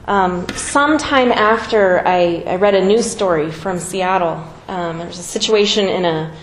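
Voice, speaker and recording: A woman's voice: fairly low pitch, unhurried. A woman giving a talk in a casual, joking manner. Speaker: speaker. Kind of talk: presentation talk. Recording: echoey room recording with faint noise.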